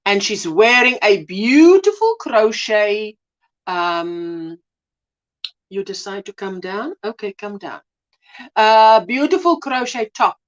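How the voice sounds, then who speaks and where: A woman's voice: takes it slowly, muffled recording. A South African woman hosting a casual crochet livestream, chatty and gushing as she greets viewers. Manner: chatty, gushing, lively swings in pitch. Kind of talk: casual live chat.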